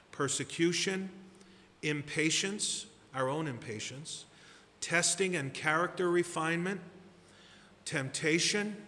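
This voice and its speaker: A man preaching a sermon as pastor, deliberate and emphatic, building to stressed repeated phrases. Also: on the high side, a bit bright, in a large hall.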